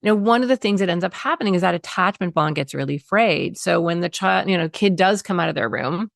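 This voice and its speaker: A woman with a slightly low voice tells a parenting story as an interview guest. She talks in an animated way and acts out quotes. The sound is dry and close to the mic. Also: brisk, gravelly, no echo.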